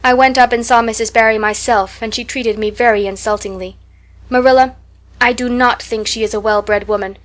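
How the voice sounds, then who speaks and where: A woman's voice: a little high, fairly even intonation, fairly quick, close to an everyday voice. A woman voicing a dramatic, imaginative orphan girl who speaks in flowery, theatrical phrases. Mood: indignant.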